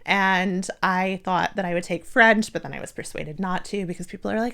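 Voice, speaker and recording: A woman's voice: mid-range voice, steady tone, moderate pace, hardly any pauses, fairly bright tone. A young woman from the United States, talking casually to camera in a self-deprecating vlog, laughing often and filling with "like". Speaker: vlogger.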